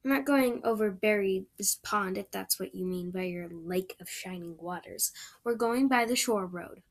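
A woman's voice: mid-range voice, moderate pace, close to an everyday voice. A woman voicing a stern, dry older woman guardian who speaks curtly and bluntly. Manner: curt, blunt, matter-of-fact.

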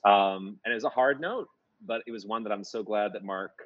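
A man's voice: lowish voice, a little fast, no room sound, lo-fi sound. A man who writes musical theater, chatting in an interview and rambling through many restarts and fillers. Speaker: musical theater composer and lyricist. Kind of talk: casual interview chat.

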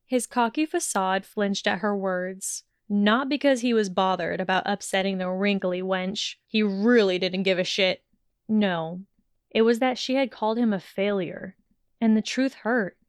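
Woman narrator, audiobook, measured, smooth voice, dry close sound. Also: mid-range voice, dry recording. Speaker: audiobook reader. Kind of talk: fan fiction audiobook narration.

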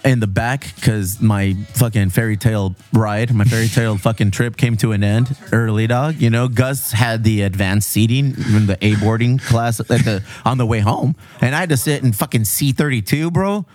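A man's voice: medium pitch, moderate pace, few pauses, darkish tone, soft background music. A man from California hosting a casual podcast, reading news stories and joking loosely with lots of swearing and "bro". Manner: loose and profane, peppered with "bro" and "dog". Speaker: podcast host.

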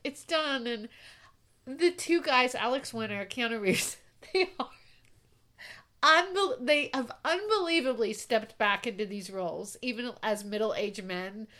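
A woman in her forties co-hosting a casual movie review podcast, chatty and animated, with frequent "like" fillers. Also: on the high side, a little slow. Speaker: podcast co-host.

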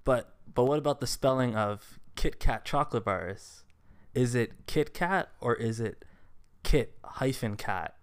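A man's voice: mid-range voice, animated, measured pace, clear, resonant tone. A man co-hosting a casual podcast, teasing his guest as he runs a quiz game. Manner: playful quiz-master, teasing. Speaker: podcast co-host. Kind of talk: casual chat.

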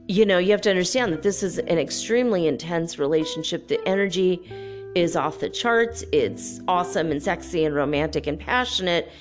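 Chatty woman with a lowish voice. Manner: chatty, laughs often, many fillers. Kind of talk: casual advice monologue.

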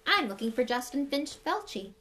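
A woman's voice: high voice, big pitch swings, normal speed, fairly bright tone, pitched above the performer's own voice. A woman voicing a young schoolboy wizard who talks fiercely, his voice shaking with anger.

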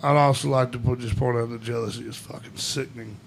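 A man co-hosting a casual podcast, teasing his friends and tossing in quick asides. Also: medium pitch, fairly even intonation, creaky, a little hiss or hum. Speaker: podcast co-host. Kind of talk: casual chat.

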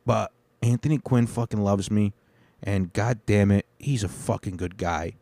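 A young man with a low, mellow voice rambles through a loose, swaggering recap of his week, full of profanity and side tangents. The sound is dry and close, with no room around it. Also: steady tone, measured pace, no room sound.

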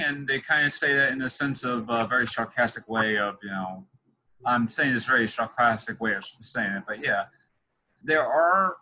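A man's voice: medium pitch, moderate pace, bright, forceful tone, slightly rough, poor audio. A young man interviewing a guest, telling long, digressive stories in casual conversation. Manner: chatty, digressive storytelling.

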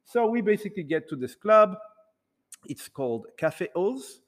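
A man's voice: sits high, moderate pace. Man telling a rambling story in a hall. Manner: rambling, animated, acts out quoted dialogue. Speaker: speaker addressing an audience. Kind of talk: casual storytelling talk.

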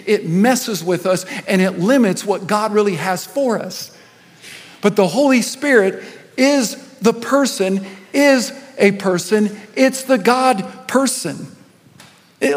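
A man, a senior pastor, preaching a sermon with storytelling and rising and falling intensity. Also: sits high. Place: church auditorium. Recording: long hall reverb.

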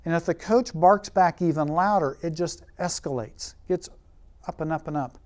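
A man preaching a sermon, telling stories and dropping to a soft, quiet voice for emphasis. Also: on the high side, normal speed.

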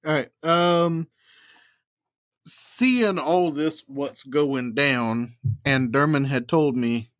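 A man's voice: mid-range voice, extremely slow, a bit bright, no echo, clean studio sound. Easygoing male tabletop player. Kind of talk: casual tabletop play.

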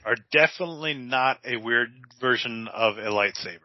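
A man co-hosting a podcast in casual chat, deadpan and sarcastic. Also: mid-range voice, normal speed, no echo. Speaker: podcast co-host. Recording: dull lo-fi sound.

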